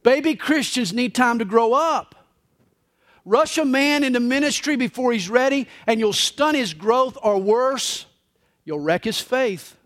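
Male pastor preaching a live sermon, high voice with a wide, lively swing, dry close sound. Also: measured pace, no echo. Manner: expressive storytelling preacher. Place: church service.

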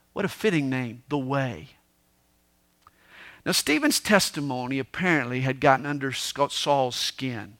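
A man preaching a sermon, moving between booming emphasis and hushed, quiet asides as he tells the story. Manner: dramatic preaching, swings from loud to hushed. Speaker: pastor.

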